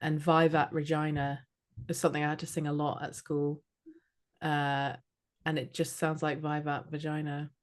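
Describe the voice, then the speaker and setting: A woman's voice: low voice, little pitch movement, moderate pace. A British woman co-hosting a podcast, chatting in a rambling, jokey way. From Britain. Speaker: podcast co-host. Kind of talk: casual chat.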